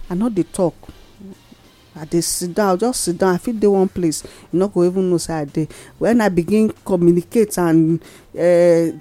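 Animated woman with a Nigerian Pidgin accent. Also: lowish voice, creaky. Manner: animated, laughing, rising emphatic lines. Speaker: radio co-host. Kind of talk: casual radio chat in Pidgin. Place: radio studio.

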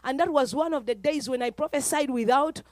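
A woman's voice: high-pitched, brisk, dry recording. Fervent woman preacher. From Uganda. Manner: fervent, swings from quiet to shouting. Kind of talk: sermon.

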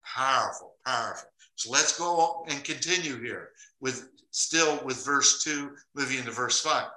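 A man's voice: mid-range voice, a little slow, hardly any pauses, pushed and bright. A man teaching the Bible in a podcast conversation, emphatic, reading verses aloud and repeating them for stress. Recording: echoey room.

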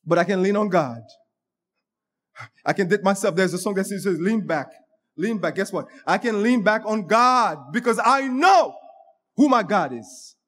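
A man's voice: high voice, lively intonation, moderate pace, fairly bright tone. A man preaching a sermon, emphatic, often restarting his words mid-phrase. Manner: emphatic, with repeated restarts and stammers. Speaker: pastor.

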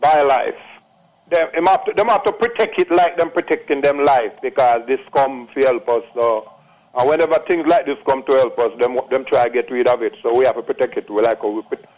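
A man's voice: mid-range voice, fairly quick, darkish tone, rough recording. A man in his late sixties with a Jamaican accent, calling in to tell a long, repetitive, emphatic story. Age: 60s. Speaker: caller. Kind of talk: casual phone testimony.

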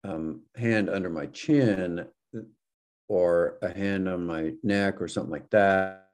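A man who works with patients, calmly clarifying points in a casual discussion. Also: deep voice. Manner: measured, clarifying. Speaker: clinician.

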